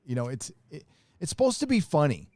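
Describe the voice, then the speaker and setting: A man's voice: a little high, huge pitch swings, fairly quick, dark tone, dry recording. A man hosting a live podcast, chatting casually and rambling with lots of profanity. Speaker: host. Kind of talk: casual livestream chat.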